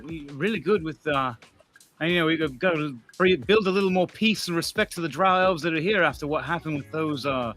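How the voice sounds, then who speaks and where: A man's voice: fairly high pitch, bright, forceful tone. A man voicing a nervous young male bard who stammers and is eager to please, with faint music behind.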